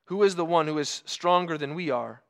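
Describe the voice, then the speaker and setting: A high-voiced man delivers a sermon, leaning on rhetorical questions that he presses with earnest weight, stretching out pauses just before the words that matter. His voice is gravelly yet fairly bright.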